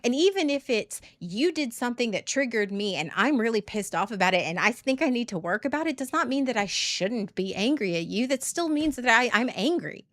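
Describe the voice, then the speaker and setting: A woman's voice: fairly high pitch, sing-song, brisk, hardly any pauses, fairly bright tone, no room sound. A woman in her thirties, a parent, speaking bluntly and emphatically to camera, swearing freely as she vents. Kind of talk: candid personal rant.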